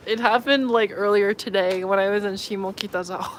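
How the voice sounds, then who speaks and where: A woman's voice: mid-range voice, moderate pace, slight background noise. A woman vlogger telling a story in casual chat, laughing often and filling her speech with "like". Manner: laughs often, lots of filler "like".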